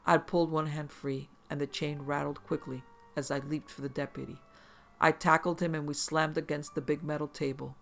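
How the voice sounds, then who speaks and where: A man's voice: on the high side, creaky. A man narrating a first-person horror story in an intense, profane, vivid way.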